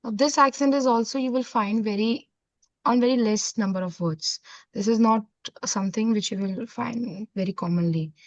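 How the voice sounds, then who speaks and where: A woman's voice: fairly high pitch, moderate pace, no echo. A woman teaching a French lesson, explaining step by step and mixing Hindi with English. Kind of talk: online class lesson. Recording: dull, dry, lo-fi audio.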